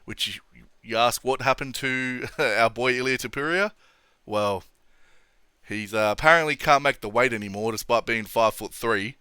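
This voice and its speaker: A man's voice: mid-range voice, moderate pace, pushed and bright, clean tone, no echo, clean studio sound. A young man hosting a casual MMA opinion vlog, blunt and sweary, laughing often. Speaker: MMA commentary channel host.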